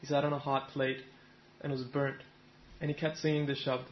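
A man's voice: mid-range voice, flat delivery, normal speed, muffled recording, a little hiss or hum. A man giving a Sikh sermon, retelling a story and speaking its characters' lines in his own plain voice. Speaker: Sikh preacher.

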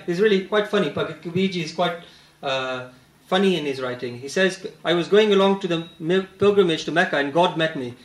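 Man, religious lecture, earnest, deliberate, emphatic quoting, high voice, roomy echo. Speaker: speaker giving a religious talk.

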